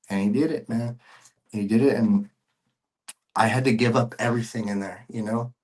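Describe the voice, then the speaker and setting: A man's voice: fairly low pitch, steady tone, normal speed, pauses often, darkish tone. A man sharing a personal faith testimony as a podcast guest, earnest and emotional, with casual slang and frequent repeats.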